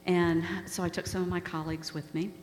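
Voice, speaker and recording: Low-voiced woman telling a story in a hall. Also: level tone, fairly quick, darkish tone. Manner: earnest, emotional retelling. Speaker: guest speaker. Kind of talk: storytelling talk. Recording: echoey hall with faint hum.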